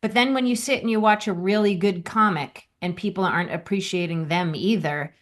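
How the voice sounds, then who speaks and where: A woman's voice: mid-range voice, a little fast. A woman with a mid-range voice talks in easygoing, chatty turns on a podcast. She often agrees and builds on what the others say. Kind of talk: casual chat.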